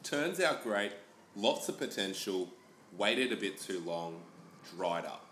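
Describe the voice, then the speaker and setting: A man's voice: fairly low pitch, very animated, slow pace, a bit bright, a little hiss or hum. A young man co-hosting a comedy podcast, playful and laughing as he jumps between bits. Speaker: podcast co-host. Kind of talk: casual comedy podcast banter. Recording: roomy echo.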